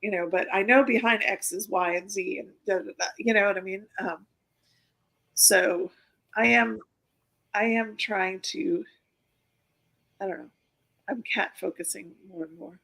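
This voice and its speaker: Gravelly-voiced woman hosting a live chat. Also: medium pitch, steady tone, measured pace, pauses often, fairly bright tone, poor audio. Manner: chatty, rambling, many fillers and restarts. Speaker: host of a live pin-collecting stream. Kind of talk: casual live-stream chat.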